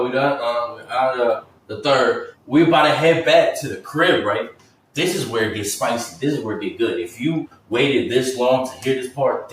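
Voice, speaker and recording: A man's voice: medium pitch, slight background noise. A young man telling a casual, rambling story full of slang and swearing. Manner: slangy, profane, rambling and animated. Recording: roomy echo, mic far off.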